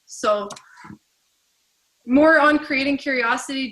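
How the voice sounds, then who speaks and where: A woman leads a casual training session with a bright, clear voice pitched a little high. She talks in a chatty, lively way and keeps slipping into quick acted-out exchanges. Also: poor audio. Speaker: team trainer.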